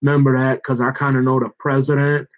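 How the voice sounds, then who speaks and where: Man, rambling monologue, mid-pitched voice, halting restarts, acts out dialogue, muffled lo-fi sound. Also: little pitch movement. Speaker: vlogger.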